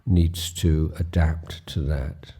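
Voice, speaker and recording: A man in his later years leading a guided meditation, speaking slowly and haltingly with pauses and fillers. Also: a bass voice, fairly even intonation, warm tone, slightly rough. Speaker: meditation teacher. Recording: recorded at a retreat.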